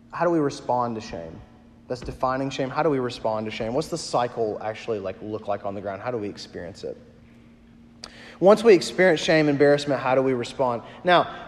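A man preaching a sermon in a relaxed, conversational way, with lots of casual fillers. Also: mid-range voice, long reverb tail. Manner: conversational, uses many fillers. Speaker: pastor.

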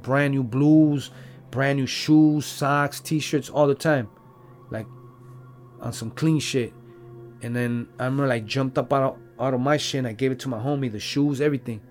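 A man, telling his own story in loose, rambling slang full of "like" and "you know". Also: medium pitch. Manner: profane street slang. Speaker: podcast guest telling his life story. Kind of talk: casual storytelling.

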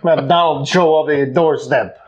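A man's voice: a little high, quick pace, highs cut off, a little hiss or hum. A man co-hosting a casual podcast chat, rambling and joking, often breaking into giggles. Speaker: podcast co-host.

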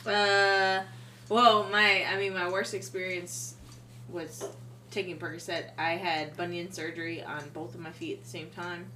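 A woman co-hosting a casual podcast, telling a story in an animated way, laughing and swearing freely. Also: fairly low pitch, unhurried, recorded from a distance. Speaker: podcast co-host. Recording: roomy echo, off-mic.

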